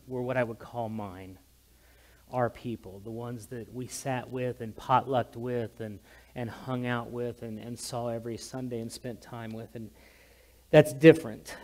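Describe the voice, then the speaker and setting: A male pastor giving a heartfelt memorial sermon in a church, talkative and loud by his own account, often restarting his sentences. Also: medium pitch, fairly even intonation, moderate pace. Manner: talkative, self-described loud, frequent restarts. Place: church sanctuary. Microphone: amplified handheld or stand mic with monitor.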